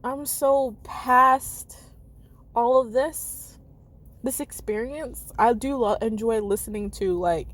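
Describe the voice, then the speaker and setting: A woman's voice: a little high, slow pace, fairly bright tone. A woman in her thirties talking casually to camera, chatty and candid, with lots of "like" and "you know". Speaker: vlogger.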